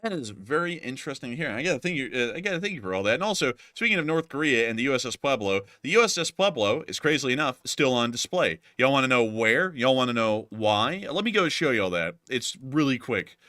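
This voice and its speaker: A man's voice: medium pitch, big pitch swings, fast talker, hardly any pauses, pushed and bright, no echo, clean studio sound. A young man from the American South with a light, mostly neutral accent, hosting a live stream in chatty, rambling talk full of fillers. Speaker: host.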